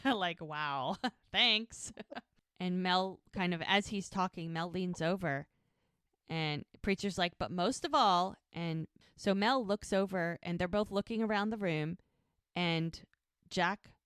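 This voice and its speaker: Woman, podcast co-host, smooth resonant voice, dry close sound, lively retelling. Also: lowish voice, no echo. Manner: lively storyteller who voices quoted lines. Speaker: podcast co-host recapping episodes. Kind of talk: casual chat, retelling scenes.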